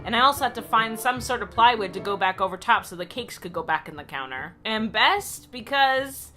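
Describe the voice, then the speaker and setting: A young woman telling a story in a casual vlog, quick and joking with crude humor. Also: fairly high pitch, expressive, bright, forceful tone, soft background music. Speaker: vlogger.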